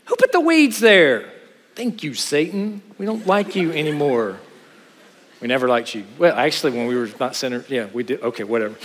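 A middle-aged man preaching a sermon to a chapel audience, animated, with joking asides and rhetorical questions. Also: medium pitch, a little fast, a little hiss or hum. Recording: hall with long reverb.

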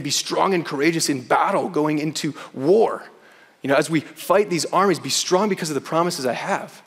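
A man preaching in a church, earnest and conversational, who keeps dropping "man" into his points. His voice sits a little high for a man, and a long reverb trails behind it in the hall. He slows right down when he reads scripture aloud. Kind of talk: sermon.

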